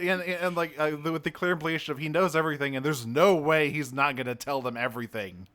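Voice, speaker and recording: A man's voice: a little high, quick pace. A man co-hosting a podcast, chatting casually about a cartoon episode and acting out the characters' lines. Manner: animated, acts out character lines. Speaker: podcast co-host. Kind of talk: casual chat recapping a cartoon.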